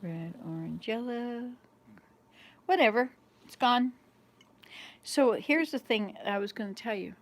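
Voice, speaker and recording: A woman's voice: a little high, animated, a little slow, long pauses. Chatty, laughing woman in her fifties. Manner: rambling, chatty storyteller who laughs often. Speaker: vlog host. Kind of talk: casual chat to camera. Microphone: small camera.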